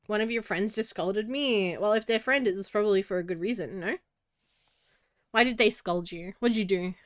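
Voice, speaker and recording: A woman's voice: medium pitch, moderate pace, dry recording, studio quality. A giggly, hyper Australian woman rambling in casual live-stream chat as a streamer.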